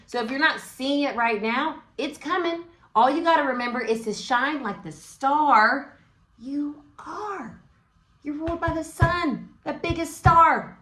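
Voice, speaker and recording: A woman's voice: a little high, fairly bright tone, echoey room. A woman giving a casual, encouraging tarot reading, talking aloud with many fillers. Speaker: tarot reader.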